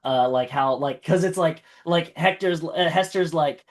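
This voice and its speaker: A man's voice: on the high side, measured pace. A man chatting casually as a tabletop game player, rambling through compliments with lots of fillers and restarts. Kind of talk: casual post-game feedback chat.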